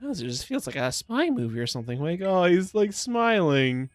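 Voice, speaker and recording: A man's voice: high-pitched, big pitch swings, normal speed, dry recording, studio quality. A man streaming a video game, making jokey asides and reading the dialogue aloud. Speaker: VTuber streamer. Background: game music.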